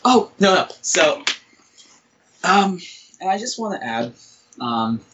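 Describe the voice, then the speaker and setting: A man in his twenties calling in, speaking hesitantly with many pauses and "um"s. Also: sits high, very animated, muffled recording, noisy background. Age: 20s. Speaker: caller. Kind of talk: call-in conversation.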